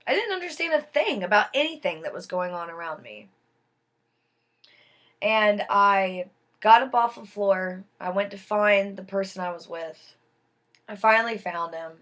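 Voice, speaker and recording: A woman telling her own life story in a casual, dramatic way, slow and deliberate, dropping to a hush at tense moments. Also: medium pitch.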